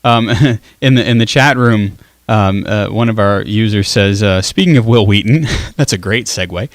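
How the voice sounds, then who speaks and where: A man's voice: fairly low pitch, moderate pace, no room sound. A man hosting a casual talk show, chatty and laughing easily as he reads listener comments. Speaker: show host. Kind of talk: casual chat.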